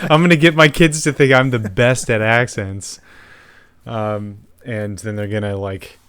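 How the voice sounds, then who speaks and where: A man's voice: lowish voice, measured pace, fairly bright tone, clear, resonant tone. A man and father co-hosting a casual comedic podcast, tossing out dry, sarcastic quips. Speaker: podcast co-host.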